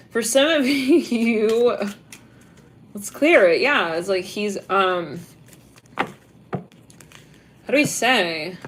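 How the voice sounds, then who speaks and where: The tarot reader is a young woman who rambles casually, giggles frequently, and can't stop saying "like." Her voice is fairly high and a bit bright, with slight background noise.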